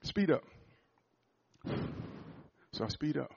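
A man's voice: a little high, very animated, takes it slowly, gravelly, noisy background. Emphatic male preacher, muffled recording. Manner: emphatic preaching, dropping to hushed storytelling. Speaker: church speaker giving testimony. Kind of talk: sermon testimony.

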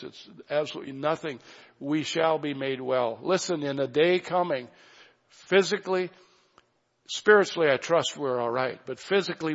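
A man preaching a sermon with a gravelly, fry-tinged voice, pressing his points earnestly and slowing down on the phrases he wants to land. The recording is muffled and dull, and his words ring out with a long reverb as if in a big church hall. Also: a little high. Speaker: pastor.

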